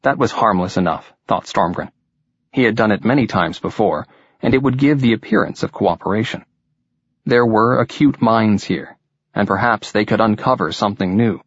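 A male audiobook narrator with a low, gravelly voice and a husky grain, telling the story steadily and evenly. The recording is dry, dull and lo-fi, with no room sound. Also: moderate pace, dry recording.

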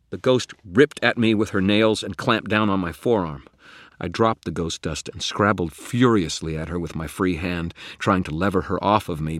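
Very deep-voiced male audiobook narrator. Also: fairly bright tone, no room sound, clean studio sound. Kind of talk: first-person fantasy audiobook narration.

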